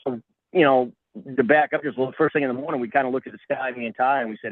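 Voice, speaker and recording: A middle-aged man, a podcast guest, telling a story in a lively way and acting out what people said. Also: mid-range voice, racing, no echo. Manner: animated, acts out quoted voices. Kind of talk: casual storytelling. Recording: tinny phone-like line, dry.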